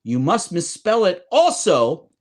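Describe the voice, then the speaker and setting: Joking animated man with Irish tinge. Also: high voice, slow. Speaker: podcast co-host, loan adviser. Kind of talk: casual chat and advice. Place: home.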